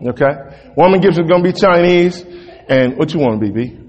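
A man's voice: a little high, lively intonation, quick pace, darkish tone, long reverb tail, highs cut off. A man preaching a sermon in a conversational way, often asking the congregation "right?".

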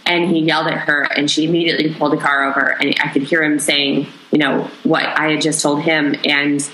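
A young woman tells a painful personal story as an interview guest, pausing often and searching for words. Her voice sits low yet comes across bright and forceful. The room adds a noticeable echo, with faint ambience behind her. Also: little pitch movement, slight background noise. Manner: emotional, halting, many pauses and fillers. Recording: roomy echo.

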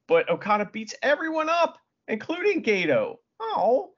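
A man's voice: very high voice, wildly swooping pitch, normal speed, slightly rough, highs cut off. A man co-hosting a podcast, rambling with many fillers and plenty of enthusiasm. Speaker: podcast co-host. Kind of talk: casual chat.

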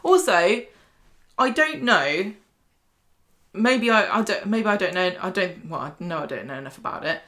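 Female co-host, bright crisp voice, quips while chatting. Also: medium pitch, expressive, normal speed. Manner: chatty, jokey asides and mock quotes. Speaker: podcast co-host. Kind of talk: casual chat.

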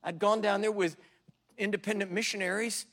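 A middle-aged man preaching in a fairly high voice. He tells his stories dramatically, dropping to a hush, then rising loud as he acts out what people said. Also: fairly even intonation, a little fast. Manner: dramatic, swinging from hushed to loud. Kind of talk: sermon with storytelling.

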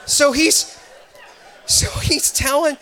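A man preaching with a very high voice, telling a funny story in animated bursts. He speaks slowly and shouts out the punchlines. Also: a faint crowd, a little hiss or hum. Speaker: pastor. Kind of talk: sermon with comic storytelling.

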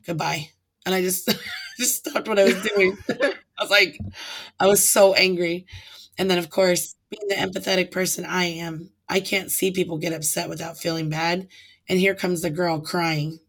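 Woman, lowish voice, animated storyteller, casual podcast chat. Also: normal speed. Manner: animated storyteller acting out quotes, laughs often. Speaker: karaoke host and singer, guest.

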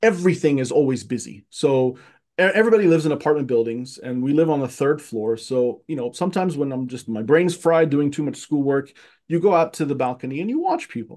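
A middle-aged man, raised in Egypt, tells his childhood stories in a loose conversational way. He often restarts and repeats words as he goes. His voice jumps up in pitch whenever he acts out what he or others said. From Armenian family raised in Egypt. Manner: animated, repeats words as he restarts, rising pitch when quoting himself. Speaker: guest. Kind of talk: casual conversational storytelling.

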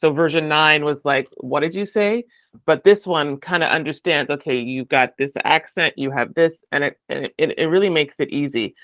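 Animated man, dull dry recording. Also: a little high, moderate pace, hardly any pauses, no echo. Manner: animated, acts out quoted voices. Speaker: podcast guest. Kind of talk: casual chat.

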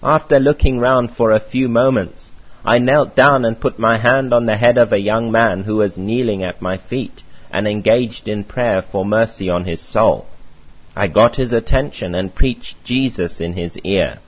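A man reading a first-person memoir aloud in a measured, earnest way, on a muffled lo-fi recording. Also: fairly low pitch. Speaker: audiobook reader.

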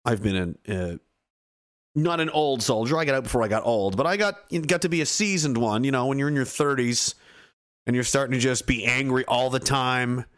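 A man's voice: mid-range voice, brisk, fairly bright tone. A man in his thirties from Canada, a veteran streamer giving blunt, profane, heated commentary to his live chat. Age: 30s.

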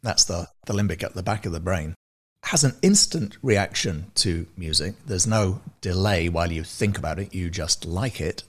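A music service founder appears as a guest in a casual interview chat over a video call. He has a low, very expressive voice and is chatty and animated, restarting often and laughing between points.

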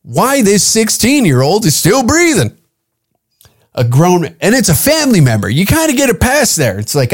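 Canadian male comic host, slightly high voice, profane heated solo podcast rant.

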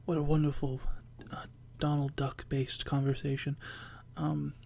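A young man putting on a hushed announcer voice to introduce the next track. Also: fairly high pitch, monotone, a little slow, vocal fry, voice pushed down. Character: hushed gravelly male show announcer.

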